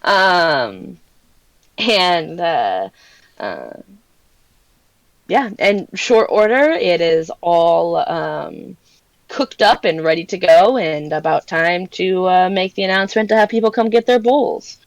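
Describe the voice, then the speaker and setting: A woman narrating as game master for a tabletop game, pausing often with ums and restarts. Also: fairly low pitch, animated, dry recording. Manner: hesitant, many ums and restarts.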